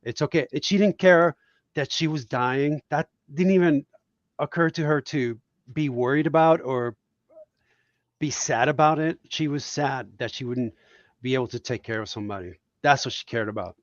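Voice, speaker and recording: A man's voice: mid-range voice, moderate pace, no room sound, highs cut off. A man from Puerto Rico, a guest cartoonist, telling reflective, heartfelt stories in a casual podcast chat.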